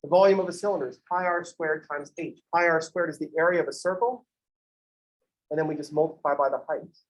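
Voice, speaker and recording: A man's voice: on the high side, darkish tone, poor audio. A man teaching a math class in a conversational lecture style, with playful digressions.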